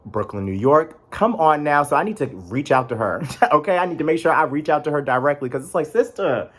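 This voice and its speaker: A man's voice: fairly high pitch, lively intonation, quick pace, a bit bright. A young man with a chatty, rambling manner and playful sassy asides, talking casually as a vlog host. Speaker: tarot deck reviewer.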